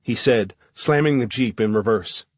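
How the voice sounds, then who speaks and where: A man narrating a first-person thriller audiobook in a steady, measured reading. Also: mid-range voice, no room sound, clean studio sound.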